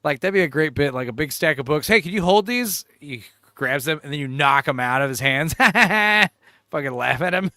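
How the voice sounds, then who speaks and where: A man hosting a casual watch-along, joking and laughing with animated, profane banter. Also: mid-range voice, moderate pace, no room sound, studio quality. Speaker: stream host.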